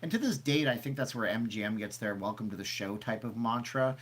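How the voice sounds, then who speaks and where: A man hosting a casual livestream speaks fairly quickly at medium pitch, rambling as he reads questions from the chat aloud and answers them. He sounds sniffly from seasonal allergies.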